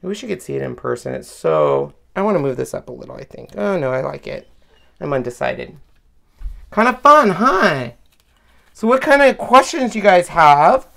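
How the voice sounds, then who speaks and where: A man's voice: a little high, sing-song, moderate pace, creaky, sharp tone. A man hosting a live craft tutorial, chatting step by step and thinking aloud as he lays out a card. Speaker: craft host demonstrating card making.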